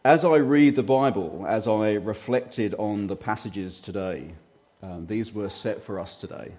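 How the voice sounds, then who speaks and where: A man's voice: fairly low pitch, a little slow, darkish tone. A man in his fifties preaching a sermon with a slight frog in his throat, talking conversationally with hesitant fillers and self-deprecating asides. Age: 50s.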